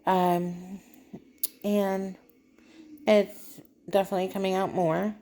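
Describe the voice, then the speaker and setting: A woman talking to her viewers in a personal vlog, halting and emotional, holding back tears. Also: medium pitch, little pitch movement, dark tone. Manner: halting, emotional, trying not to cry. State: tearful. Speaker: vlogger.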